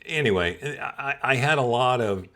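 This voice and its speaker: A man's voice: medium pitch, animated, measured pace, sharp tone. Podcast guy telling a funny true story, keeps chuckling, medium voice. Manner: chuckles often while telling. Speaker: podcast host. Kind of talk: comedic personal storytelling.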